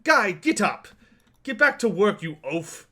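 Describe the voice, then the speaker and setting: A man's voice: sits high, expressive, a little slow, fairly bright tone. A man voicing an arrogant, boastful young human knight who speaks in a haughty, commanding way. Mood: scornful.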